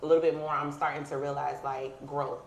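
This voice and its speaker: A woman's voice: low-pitched, fairly quick, creaky. A woman hosting a casual podcast chat, telling stories with lots of laughs and acted-out phone calls. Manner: animated storyteller, laughs often, acts out calls. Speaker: podcast host. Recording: echoey room with faint noise.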